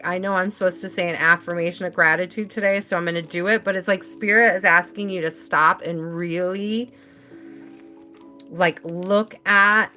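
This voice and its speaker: A woman talks through a live tarot reading in a loose, rambling, chatty way, laughing easily. Her voice is bright and clear. Soft music plays faintly behind her. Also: medium pitch. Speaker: tarot reader.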